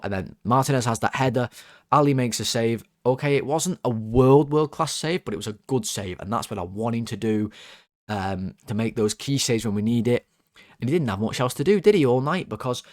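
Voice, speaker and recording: An excitable man hosting a football fan channel, giving player ratings in a jokey, swearing rant from home. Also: brisk, no room sound, clean studio sound. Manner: excitable, swears, jokey rants with big pitch jumps. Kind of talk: casual football ratings monologue.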